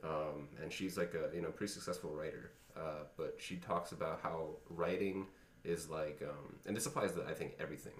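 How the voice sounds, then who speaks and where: A man's voice: rumbling low, fairly even intonation, a little fast. A man co-hosting a casual podcast, talking in a rambling, reflective way with many fillers. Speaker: podcast co-host. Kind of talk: casual chat. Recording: echoey room, far from mic, faint noise.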